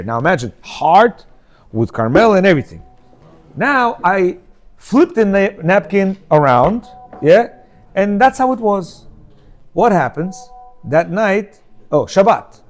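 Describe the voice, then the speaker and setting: A man giving a lively class, telling stories and checking in with his listeners, now and then bursting into loud emphatic outcries. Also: fairly high pitch. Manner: lively, asks the room "yeah?" and "you know?". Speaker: teacher giving a class on marriage. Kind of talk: animated storytelling class talk.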